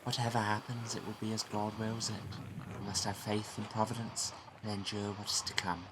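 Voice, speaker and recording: A man reading the lines of a steadfast, devout middle-aged farm wife in a game, in a calm, plain way. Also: lowish voice, moderate pace, background noise, close to an everyday voice. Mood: steady.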